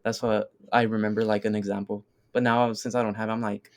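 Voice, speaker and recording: A man's voice: fairly low pitch, little pitch movement, quick pace. A young man co-hosting a podcast, chatting casually with slang, fillers and frequent restarts. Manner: laid-back, slangy, many fillers and restarts. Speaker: podcast co-host. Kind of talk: casual chat.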